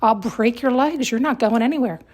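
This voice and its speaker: A possessive woman issues blunt threats and commands, clipped and domineering, as a woman acts her out. Her voice is breathy and a little high. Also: normal speed, a little mellow, close to an everyday voice. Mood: menacing. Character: possessive, menacing controlling woman.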